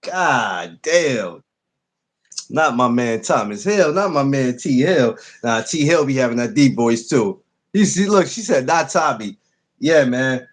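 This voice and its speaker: A man's voice: medium pitch, expressive, measured pace. A man hosting a podcast in casual morning chat, playful and teasing, repeating his phrases. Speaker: podcast host.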